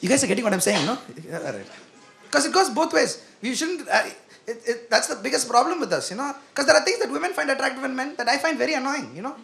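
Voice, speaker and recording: A young man performing a stand-up comedy set, animated and self-mocking as he talks to the crowd. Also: extremely high pitch, very fast, creaky, soft background music. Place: comedy venue with live audience.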